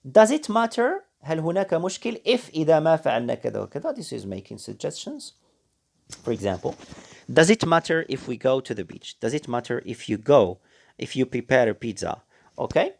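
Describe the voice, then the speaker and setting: Lively man teaching an English lesson. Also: medium pitch. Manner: switches between English and Arabic explanations, lively emphatic. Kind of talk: classroom language lesson.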